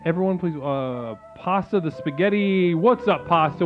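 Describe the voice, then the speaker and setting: A man's voice: high voice, normal speed, few pauses. Male comedic call-in host, soothing new-age guru patter, lo-fi phone-like sound with faint music.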